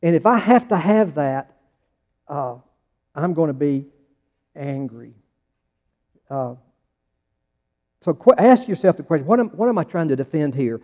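His voice is a little high, expressive, and a little mellow, moving a little slowly with long pauses. He's a pastor from the United States with an American accent giving a conversational sermon, restarting phrases and pressing his questions harder, in a large reverberant hall with dull sound.

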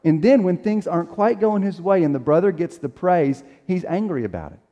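A man's voice: high-pitched, lively intonation, fairly quick, dark tone. A middle-aged man preaching a sermon in a conversational way, acting out the quotes he tells. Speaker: pastor. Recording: long reverb of a large hall.

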